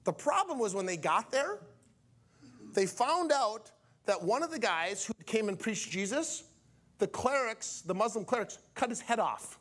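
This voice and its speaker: A male preacher telling a story from the pulpit in an animated way, acting out each character's lines. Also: sits high, a little slow. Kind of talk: storytelling sermon.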